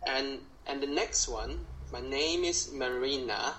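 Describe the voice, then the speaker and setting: A man tutoring a student through a lesson, taking his time and pronouncing each phrase deliberately before saying it again. His pace is unhurried and measured, and his pitch is mid-range. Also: sharp tone, a little hiss or hum, poor audio. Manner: slow, careful, repeats each phrase. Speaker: Cantonese tutor. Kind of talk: language lesson.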